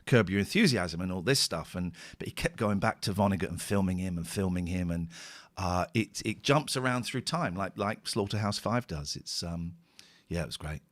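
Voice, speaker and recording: A man's voice: low voice, lively intonation, normal speed, dry recording. A middle-aged man hosting a radio show, chatting casually and rambling emotionally, worn out and close to tears. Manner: emotional, rambling, tearful at times. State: tired. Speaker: radio host. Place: radio studio. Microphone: studio microphone.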